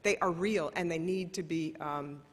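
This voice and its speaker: A woman's voice: sits low, normal speed. A middle-aged woman giving a conference keynote, telling personal stories in an earnest, self-correcting way. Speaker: keynote speaker. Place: large conference hall. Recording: long reverb of a conference hall.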